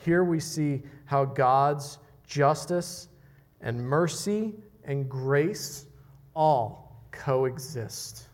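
A man's voice: on the high side, extremely slow. A man preaching a sermon in a conversational way, often repeating words as he restarts.

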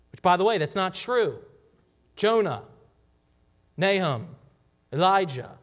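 Man, pastor, sermon, emphatic, repeats phrases, unhurried, higher voice. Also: sing-song. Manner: emphatic, drops to a whisper for quoted words; repeats and restarts phrases while building emphasis. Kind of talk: expository sermon.

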